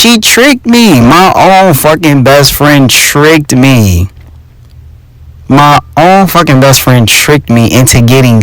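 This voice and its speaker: Man with a Philly accent, casual storytelling, animated and profane, dry close sound. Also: mid-range voice, no echo, rough recording. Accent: Philadelphia. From Philadelphia. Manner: animated, profane, addresses listeners as y'all. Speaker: podcast host.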